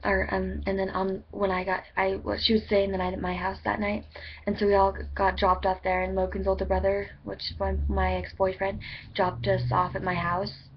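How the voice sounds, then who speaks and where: A woman's voice: medium pitch, completely flat delivery, normal speed. Chatty woman vlogger, rambling and profane, mid-range voice, muffled lo-fi webcam audio with faint hiss. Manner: rambling, chatty, swears freely. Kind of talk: casual storytelling to camera.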